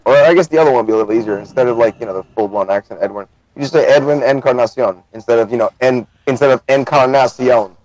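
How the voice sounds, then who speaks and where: A man's voice: mid-range voice, very fast, hardly any pauses, a little mellow, rough recording. A man from the United States streaming a game, chatting casually and explaining things at length. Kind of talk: casual gaming chat.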